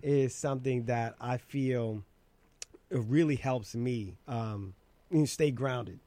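A man of average pitch speaks in a relaxed conversation, reflective and unhurried. He stresses key words and often checks in with "right?". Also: no room sound. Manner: reflective, slow and emphatic, asks "right?". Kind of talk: casual conversation.

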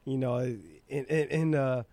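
Reflective man speaking slowly and emphatically. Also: mid-range voice, expressive, mellow, no echo. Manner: reflective, slow and emphatic, asks "right?". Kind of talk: casual conversation.

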